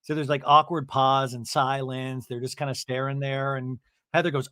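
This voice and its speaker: A podcast host recaps a reality show in a casual, comic style, acting out the cast members' lines with animation and swearing freely. His mid-range voice is smooth and moderately paced, in a dry, clean studio recording.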